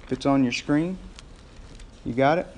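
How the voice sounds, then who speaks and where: A man preaching a sermon as pastor, telling the story in a lively way with frequent laughs and rhetorical questions. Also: medium pitch, moderate pace, a little hiss or hum.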